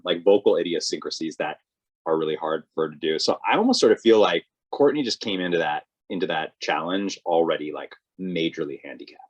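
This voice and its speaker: A man co-hosting a podcast, chatting casually and working through his thoughts carefully as he searches for words. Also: low-pitched. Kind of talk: casual chat.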